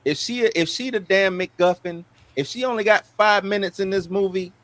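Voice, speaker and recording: A man co-hosting a casual entertainment news chat, lively and argumentative. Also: sits high, normal speed. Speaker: podcast co-host.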